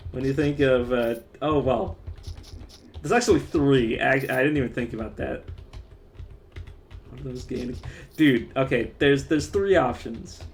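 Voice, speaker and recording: A man's voice: medium pitch, slight background noise. A man streaming live, chatting casually, often breaking into laughter and restarting his sentences.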